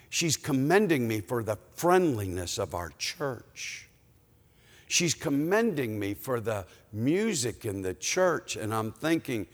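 A man preaching a sermon as pastor, telling a personal story in an animated, conversational way. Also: mid-range voice, measured pace, in a large hall.

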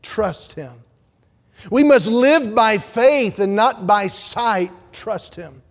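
High-voiced preacher man in a reverberant hall. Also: lively intonation, slow pace. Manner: preaching with swells to loud fervor and drops to soft, hushed pleading. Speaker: pastor. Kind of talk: sermon. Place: church sanctuary.

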